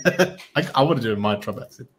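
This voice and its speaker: A man's voice: mid-range voice, lively intonation, fairly quick, a little hiss or hum. A man hosting a casual political chat, talking in a rambling, opinionated way with many restarts.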